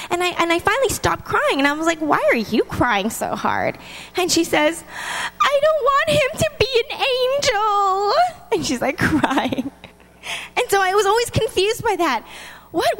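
A woman with a high, bright-sounding voice delivers a lively, chatty sermon. Her words carry a long reverb, as if spoken in a large church hall. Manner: lively, chatty, laughs between points. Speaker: preacher.

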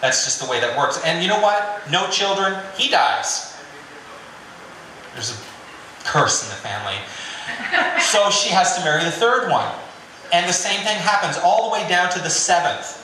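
A man's voice: sits high, expressive, moderate pace, bright, forceful tone, slight background noise. A man preaching a sermon in a conversational, joking way. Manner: conversational and joking, with filler "you know". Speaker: pastor. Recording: very echoey room.

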